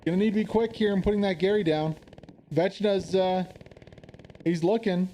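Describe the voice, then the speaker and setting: A man giving casual live commentary on an online war game match, chatty and quick to laugh. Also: high voice, dark tone, a little hiss or hum. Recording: game gunfire and explosions behind.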